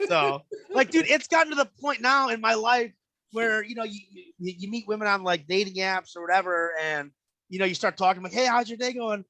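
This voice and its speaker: This podcast guest talks a little fast, cursing freely as he tells stories and imitates the people in them. His bright, forward voice runs somewhat higher than the average man's. The sound is close and dry, with no echo.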